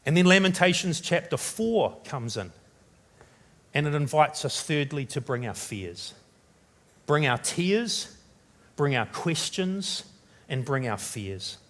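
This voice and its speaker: A man preaching a sermon as pastor, from New Zealand, turning dramatic and loud when he voices the biblical writer's questions. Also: fairly high pitch, expressive, slow, long pauses.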